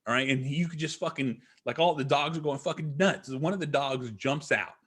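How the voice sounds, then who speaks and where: A man with a husky, slightly raspy voice that sits a bit higher than most. He spins a rambling tale as a podcast guest, peppering it with curses and leaning hard on each point. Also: normal speed, a bit bright. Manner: profane, rambling, emphatic. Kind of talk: casual storytelling.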